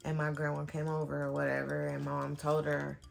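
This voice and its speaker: A woman vlogger telling a personal story to her viewers, animated and full of fillers. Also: low-pitched, brisk, creaky, soft background music. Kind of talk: storytime vlog.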